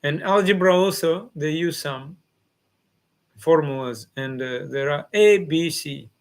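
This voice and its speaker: A man's voice: on the high side, unhurried, clear, resonant tone. A man giving a devotional class in simple, non-native phrasing, often acting out the replies of his listeners. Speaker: spiritual teacher.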